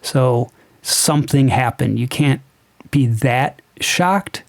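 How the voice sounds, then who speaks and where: A young man in a loose, ranting review, his voice sitting at an ordinary middle pitch. He sounds incredulous and sarcastic, scoffing at what he reads and swearing freely. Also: slow. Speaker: comic book reviewer. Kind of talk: casual ranting review commentary.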